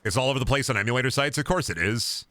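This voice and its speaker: A hoarse man streaming a game, chatting casually in a rambling, profane way that keeps restarting. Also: mid-range voice, lively intonation, racing, bright, forceful tone, no echo. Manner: rambling, profane, self-interrupting. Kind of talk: casual gameplay chat.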